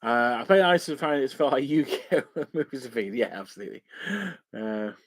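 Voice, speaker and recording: A man's voice: mid-range voice, animated, normal speed, dry recording. A man hosting a live stream, chatting loosely and rambling as he paints miniatures. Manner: rambling and chatty, many fillers. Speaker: wargaming channel host.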